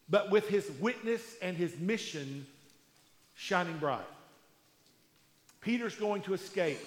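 A man preaching a sermon in a conversational storytelling way, with emphatic pauses, in a large hall. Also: high-pitched. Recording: echoey hall with long reverb.

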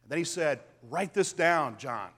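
A man preaching a sermon as a pastor, swinging from hushed whispers to loud, emphatic declarations. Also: fairly high pitch, animated, measured pace. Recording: long reverb of a large hall.

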